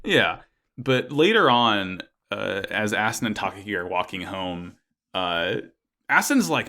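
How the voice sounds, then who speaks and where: Podcast co-host, man, bright and animated voice, halting delivery. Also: fairly low pitch. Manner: halting, repeats words, animated. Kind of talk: casual anime discussion podcast.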